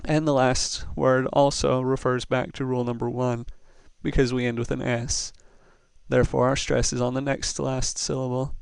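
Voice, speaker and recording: A man gives a recorded lesson in a slow, patient and methodical way. His voice is gravelly but smooth and resonant. The sound is dry and close to the mic. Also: mid-range voice, flat delivery, no room sound. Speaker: Spanish teacher.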